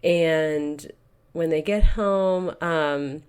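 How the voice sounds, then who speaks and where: A woman's voice: low voice, drawn-out words, a little mellow, clear, resonant tone. A woman co-hosting a podcast, casually retelling a novel's plot in a chatty way, peppered with "like" and "you know.". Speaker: podcast co-host. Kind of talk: casual book-club chat retelling a plot.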